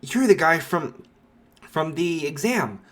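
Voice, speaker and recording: A man's voice: on the high side, animated, slow pace, fairly bright tone, pitched above the performer's own voice, exaggerated voice. A man voicing a strict, formal young male class president who lectures stiffly. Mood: admiring.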